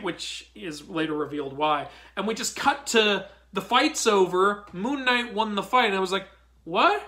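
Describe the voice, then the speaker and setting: A man giving a casual review of a TV episode, excitable and prone to exasperated outbursts. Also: high-pitched. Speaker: mythology video commentator.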